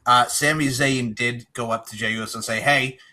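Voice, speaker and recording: A man's voice: mid-range voice, fairly even intonation, normal speed, bright, forceful tone. A man hosting a casual wrestling podcast, loose and profane, quizzing his co-hosts. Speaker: podcast host.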